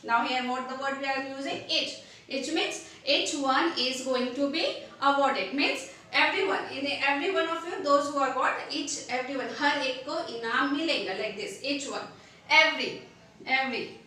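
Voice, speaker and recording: High, bright woman teaching in an echoey room. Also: recorded from a distance, slight background noise. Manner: repeats words and examples slowly, mixes in Hindi. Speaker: English teacher. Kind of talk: grammar lesson.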